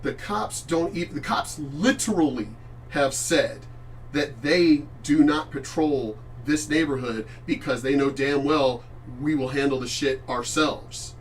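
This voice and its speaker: A man with a high-pitched voice rants on his vlog, swearing hard and hammering his points home. He sits a bit back from the microphone, so his voice sounds somewhat distant. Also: unhurried, slight background noise. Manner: profane, emphatic, addresses a friend by name. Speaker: channel host. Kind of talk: casual ranting monologue.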